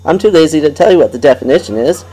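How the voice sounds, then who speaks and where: A man's voice: on the high side, lively intonation, rapid-fire, dark tone, breathy edge, poor audio. Guy hosting a homespun comedy radio bit, rambly, chuckles at his own jokes. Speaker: host. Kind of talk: homemade comedy radio show.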